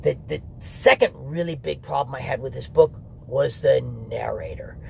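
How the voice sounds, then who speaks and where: A man's voice: medium pitch, moderate pace, creaky, a little hiss or hum. A man giving a candid, rambling spoken review of an audiobook, with restarts and mock asides.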